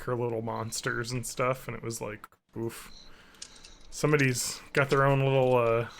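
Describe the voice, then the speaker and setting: A podcast host with a rough, gravelly edge to his mid-range voice. He rambles through casual chat and cracks jokes while gaming on a live stream. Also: medium pitch, a bit bright, slight background noise.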